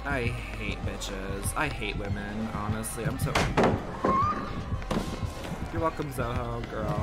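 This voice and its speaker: A man's voice: on the low side, takes it slowly, loud music behind the voice. A young man streaming a game live, talking in a campy, sassy, profane way and laughing often. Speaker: gaming streamer. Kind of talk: live gameplay commentary.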